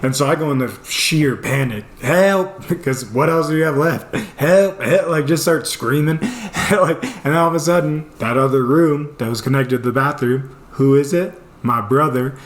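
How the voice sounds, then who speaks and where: A young man telling a casual story about himself, animated, laughing often and acting out his own panicked lines. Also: medium pitch, moderate pace. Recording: echoey room.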